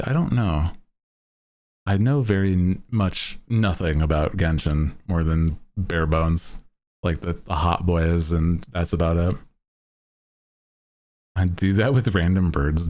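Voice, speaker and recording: A man streaming as a VTuber, chatting casually to his viewers in a deep voice, rambling and laughing often. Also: a little mellow.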